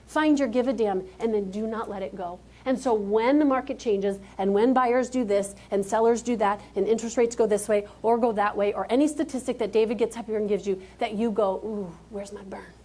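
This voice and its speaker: Her voice sits on the high side and sounds mellow as she moves fairly quickly with few pauses through a motivational keynote. Speaking emphatically on stage, she addresses the live audience directly and calls out to them.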